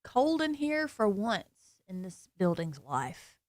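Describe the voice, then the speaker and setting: A woman co-hosts a morning radio show with a wry, self-deprecating tone. Her voice sits in a middle pitch and sounds close and dry in the studio. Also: sing-song, slow pace, darkish tone, no echo. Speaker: radio co-host. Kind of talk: casual morning radio banter.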